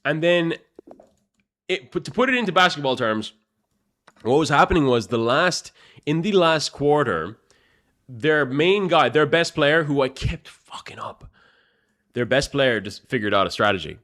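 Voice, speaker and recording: A young man with an Irish accent, a chess streamer casually telling a story to his live chat in a profane, animated way. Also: a little high, moderate pace. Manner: profane, animated, swings between loud and mumbled.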